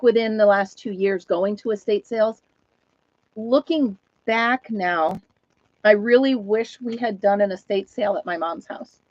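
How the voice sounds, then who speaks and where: A woman's voice: a little high, dry recording, highs cut off. A woman hosting a casual live chat from home, laughing often and talking to viewers and her dog. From United States. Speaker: host of a live chat stream.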